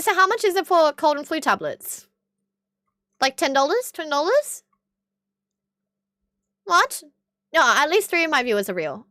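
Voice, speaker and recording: A woman's voice: a little high, pushed and bright, no room sound, clean studio sound. A young woman with an Australian accent chatting bluntly with her stream viewers, swearing often. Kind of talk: casual chat with stream viewers.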